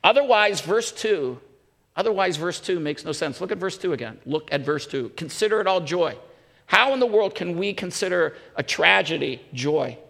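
A male pastor preaching earnestly, pressing his points with repeated questions. His voice sits high, with a gravelly edge and a bright tone. A long echo from the church hall trails each phrase. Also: lively intonation, moderate pace. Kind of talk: sermon.

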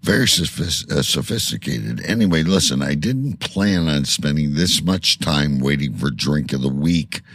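A man's voice: a bass voice, animated, moderate pace, few pauses, a bit bright, dry recording, clean studio sound. A male radio show host in casual banter, rambling and joking between segments.

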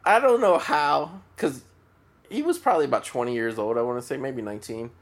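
A man's voice: medium pitch, lively intonation, a little fast. Rambling, profane male podcast host. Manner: rambling, profane, lots of fillers and restarts. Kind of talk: casual solo podcast storytelling.

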